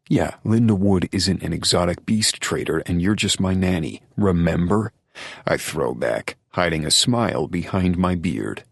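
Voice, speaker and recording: A man with a very deep, gravelly voice narrates a romance audiobook in the first person. His tone is husky, and the recording is dry and close, as in a studio booth. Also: fairly bright tone, no echo.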